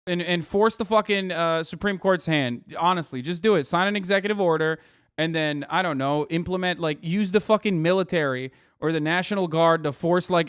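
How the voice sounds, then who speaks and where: Guy ranting on stream, swears a ton, pretty high voice, super dry close mic. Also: a bit bright, smooth, dry recording. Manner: profane, sarcastic, heated. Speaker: streamer reacting to news. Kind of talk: ranting casual commentary.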